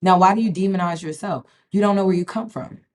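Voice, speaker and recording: A fast-talking woman with a lowish voice addresses the camera as a spiritual vlogger. She speaks casually and emphatically, repeating herself and often asking "okay?"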